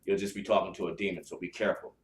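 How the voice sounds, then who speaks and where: A man's voice: low-pitched, little pitch movement, very fast. A man hosting a spiritual podcast, talking bluntly and profanely in a casual chat style, with lots of restarts. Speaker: podcast host. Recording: echoey room.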